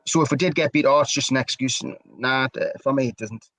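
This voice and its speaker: A man's voice: medium pitch, fairly quick, a bit bright, no echo. A young man giving play-by-play commentary of a football match for a fan stream, talking loosely and steadily.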